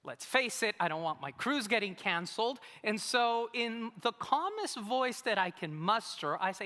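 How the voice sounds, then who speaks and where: A man's voice: high voice, big pitch swings, normal speed, few pauses, sharp tone. A man preaching a sermon as pastor, telling a personal story with humorous, self-mocking asides. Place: church sanctuary. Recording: reverberant church hall.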